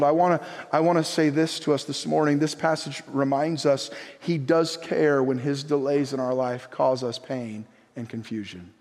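Pastor, man, high voice, sermon in a church with long hall echo. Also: a little mellow. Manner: reads scripture in old English then pleads directly with the congregation.

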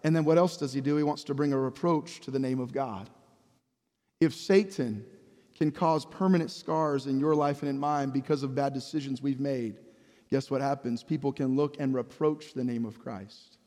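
A man's voice: a little high, darkish tone, long reverb tail. A pastor preaching a sermon, reading scripture aloud and acting out the voices of the people in it, often repeating words as he speaks.

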